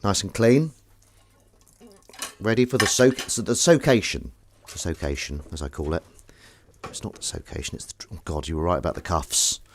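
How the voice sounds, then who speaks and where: A man's voice: low voice, moderate pace, background noise. A man chatting casually while he does the washing up, rambling, jokey and self-mocking, with the odd swear word. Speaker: host doing the washing up on a live stream.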